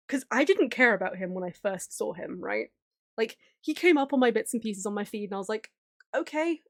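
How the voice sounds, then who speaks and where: Woman streamer, fairly high voice, giggly, gushing, casual chat. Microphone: streaming mic.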